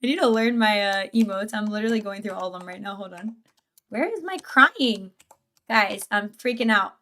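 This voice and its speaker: A woman's voice: mid-range voice, normal speed, bright, forceful tone. A woman livestreamer chatting casually and getting sidetracked while reacting to a video. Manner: chatty, easily sidetracked, giggly.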